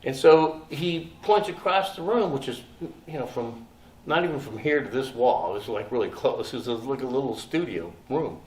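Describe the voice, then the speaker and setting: A man being interviewed about his acting past, telling stories in a profane, animated way and laughing often. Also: medium pitch, moderate pace. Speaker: interviewed actor. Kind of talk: casual storytelling interview. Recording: echoey room, distant mic, faint noise.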